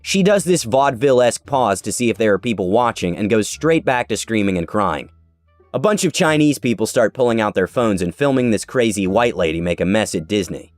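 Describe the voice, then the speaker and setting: A man reads an online story aloud with sarcastic, animated delivery, his pitch leaping up and down through the tale. His voice sits close and dry on the mic. Soft music plays beneath him. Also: a little fast, dry recording. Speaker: narrator. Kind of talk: scripted narration of an online story. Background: faint background music.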